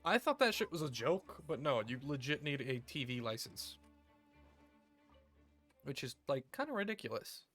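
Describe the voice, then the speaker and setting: A man's voice: mid-range voice, very animated, moderate pace, pauses often, fairly bright tone, faint music behind. A man streaming a game, chatting casually with crude jokes and rambling asides. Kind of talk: casual gameplay commentary.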